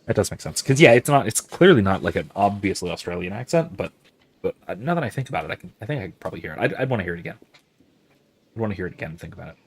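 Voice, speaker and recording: A man with a somewhat low voice talks through a game in a loose, lecturing way. He wanders through his points with lots of ums and restarts, stopping now and then to react to viewers' comments. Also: big pitch swings, very fast, husky. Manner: rambling, professorial, many fillers and restarts; reads out viewer chat and reacts. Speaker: gaming channel host. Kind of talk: casual explanatory commentary while playing.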